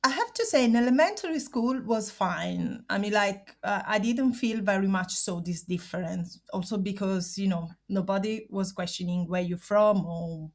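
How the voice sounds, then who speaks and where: A woman with an Italian accent, a podcast guest telling a personal story in halting, searching phrasing. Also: mid-range voice. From Italy. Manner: halting, searching for words in non-native phrasing. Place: studio sat with hosts.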